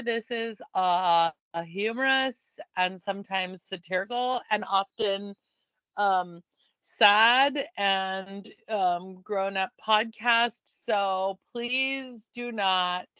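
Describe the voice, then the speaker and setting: A woman co-hosting a podcast in casual chat, playful and joking with quick asides. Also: mid-range voice, pushed and bright, dry recording. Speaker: podcast co-host.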